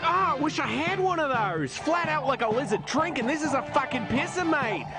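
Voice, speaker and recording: A man's voice: extremely high pitch, lively intonation, normal speed, over loud music. A man voicing a boastful, crude male cartoon kangaroo villain with an Australian accent, swearing and whining. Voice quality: brash, swearing, whiny. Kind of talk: cartoon voice acting.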